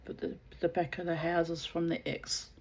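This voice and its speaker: A woman's voice: on the low side, little pitch movement, a little slow, a little mellow, a little hiss or hum, rough recording. A woman telling a personal story in a blunt, casual way, swearing freely and laughing at herself.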